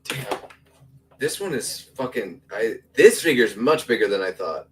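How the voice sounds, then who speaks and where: A man's voice: on the low side, sing-song, moderate pace, fairly bright tone, slight background noise, rough recording. A man co-hosting a casual action-figure podcast, blunt and laid-back, swearing freely. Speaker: podcast co-host.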